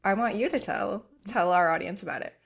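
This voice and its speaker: A woman's voice: medium pitch, a little fast, creaky, husky. A woman hosting a podcast in a casual chat, gushing and upbeat, often using "like.". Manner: gushing and upbeat, heavy use of "like". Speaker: podcast host and oracle coach.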